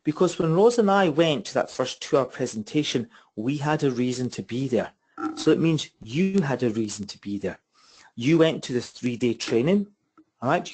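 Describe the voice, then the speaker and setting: A man's voice: mid-range voice, a little mellow, breathy edge. Man, property mentor, webinar talk, chatty, rhetorical questions, computer mic. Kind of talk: webinar presentation. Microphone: computer mic on a webinar call.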